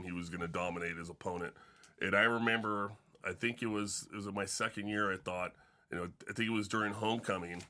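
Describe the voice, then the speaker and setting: A man's voice: deep voice, bright, forceful tone. A middle-aged man hosting a casual sports podcast, telling stories with frequent restarts and fillers. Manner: storytelling, many restarts and fillers. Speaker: podcast host and football coach.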